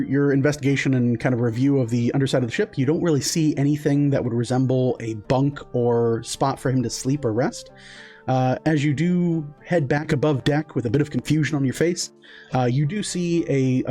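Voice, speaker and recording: A man's voice: mid-range voice, mellow. A man narrating as game master of a tabletop game, casual with lots of fillers and restarts.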